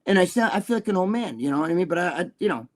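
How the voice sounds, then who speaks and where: A man's voice: high-pitched, lively intonation, very fast. An older man chatting as a guest, rambling and profane with many restarts. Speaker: guest, bodybuilding columnist. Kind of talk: casual live chat.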